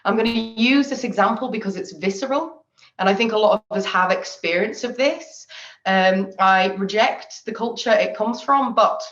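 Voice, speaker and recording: A woman, giving a chatty, lively online workshop talk on confidence and laughing often. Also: mid-range voice, normal speed. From England. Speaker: confidence trainer. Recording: echoey, dull lo-fi audio.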